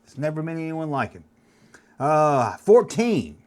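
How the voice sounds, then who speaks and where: A man's voice: fairly high pitch, sing-song, a little slow, a little mellow. A man in his fifties hosting a video, rambling in a casual, chatty way as he reminisces. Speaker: YouTube host. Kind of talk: casual nostalgic monologue.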